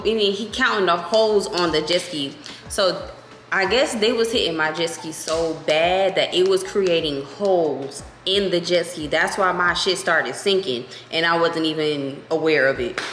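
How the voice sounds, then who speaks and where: Young woman ranting thru a wild storytime, lowish voice, echoey room w/ faint music. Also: moderate pace. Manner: animated, profane, expressive. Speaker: storytime vlogger. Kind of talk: casual storytelling.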